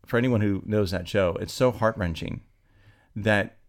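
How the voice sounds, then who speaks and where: A man who writes screenplays, chatting casually and telling anecdotes with lively energy. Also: lowish voice, moderate pace. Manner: animated storyteller, acts out quotes. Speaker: screenwriter guest. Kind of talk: casual storytelling chat.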